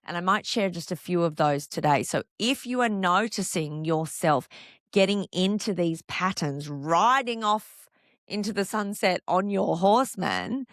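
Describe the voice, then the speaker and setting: A woman with a lowish voice hosts a solo podcast about couples, talking straight to the listener. She explains things calmly and reassuringly and often asks a run of rhetorical questions. Her voice sounds dry and close, with no room echo. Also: a little slow. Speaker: podcast host speaking on couples' relationships.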